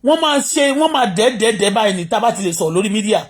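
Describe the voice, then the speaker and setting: A middle-aged Nigerian vlogger with a Yoruba accent speaks quickly into a phone on a live stream. The voice is somewhat husky, and the talk is an indignant rant that switches between English and Yoruba and keeps asking listeners whether they understand. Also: medium pitch, expressive. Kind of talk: impassioned livestream rant.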